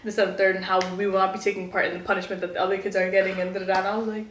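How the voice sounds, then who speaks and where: Relaxed young woman recorded in an echoey room. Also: medium pitch, rapid-fire, a little hiss or hum. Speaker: podcast co-host. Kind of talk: casual chat.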